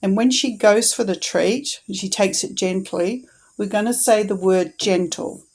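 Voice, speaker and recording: A woman in a casual instructional vlog, talking calmly and patiently and encouraging her dog as she trains it. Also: mid-range voice, normal speed, low-quality recording.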